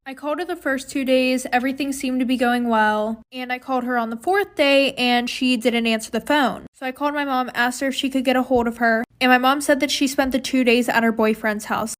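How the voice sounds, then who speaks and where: A young woman in her twenties telling a personal story in a chatty, exasperated way. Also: high voice. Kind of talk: casual storytime narration.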